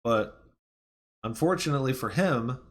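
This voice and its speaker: A man's voice: medium pitch, animated, moderate pace. A man giving a casual movie review, retelling the plot in a rambling way with fillers and restarts.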